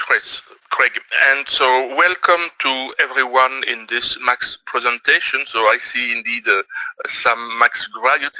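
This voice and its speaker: A man's voice: mid-range voice, bright, forceful tone, dry recording, low-quality recording. A Belgian man in his fifties with a French accent, presenting a trading webinar with many hesitations and uhs. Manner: halting, many filler uhs and self-corrections.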